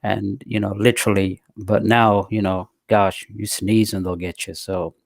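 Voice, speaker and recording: Older london guy, low voice, rambling stories full of restarts, dry sound. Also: little pitch movement, unhurried, vocal fry, no echo. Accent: London English. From England. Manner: chatty anecdotes with frequent restarts. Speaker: podcast guest. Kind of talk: casual storytelling chat.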